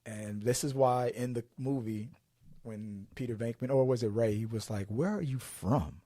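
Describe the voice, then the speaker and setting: A man's voice: medium pitch, steady tone, moderate pace, mellow, dry recording, clean studio sound. A man hosting a podcast, chatting casually about movies, rambling and restarting his sentences and acting out scenes as he goes. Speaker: podcast host.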